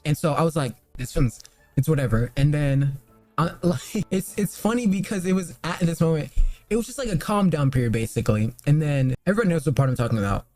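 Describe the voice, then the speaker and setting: A man's voice: a little high, brisk, a little mellow, dry recording, soft background music. Rambling young man swearing casually. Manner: rambling, filler-heavy, swears freely. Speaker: movie reviewer. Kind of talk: casual chat.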